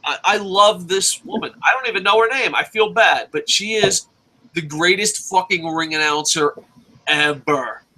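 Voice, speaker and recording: High, sharp-voiced man ranting profanely. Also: normal speed, low-quality recording. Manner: profane, ranting, shouts at times. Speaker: wrestling show reviewer. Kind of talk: casual ranting review.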